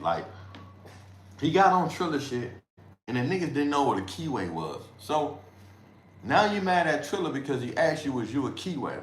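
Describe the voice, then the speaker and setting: A man's voice: a little high, very animated, moderate pace, a little hiss or hum. A man hosting a livestream, talking loosely in slang and trash-talking with frequent laughs. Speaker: livestream host. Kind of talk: casual livestream commentary. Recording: echoey room with faint ambience.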